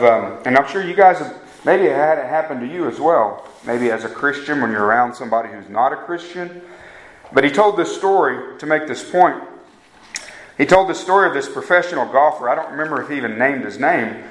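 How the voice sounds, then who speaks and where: A man's voice: a little high, fairly bright tone. A man preaching a sermon in a conversational way, often turning to his listeners with questions. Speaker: pastor. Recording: echoey room.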